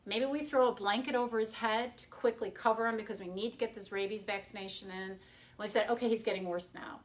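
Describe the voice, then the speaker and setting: Middle-aged woman vet, somewhat high voice, live-stream chat, direct and anecdotal. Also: fairly even intonation, brisk. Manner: direct, anecdotal, occasional fillers and restarts. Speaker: veterinarian. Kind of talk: casual live-stream talk. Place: home or office, streaming live.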